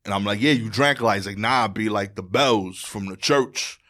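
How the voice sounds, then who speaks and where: A man, a stand-up comedian telling a slangy story as a podcast guest, acting out the people in it. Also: normal speed. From Brooklyn, New York. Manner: slangy, acts out quoted exchanges, voice drops low and quiet near the end. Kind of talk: animated storytelling in casual chat.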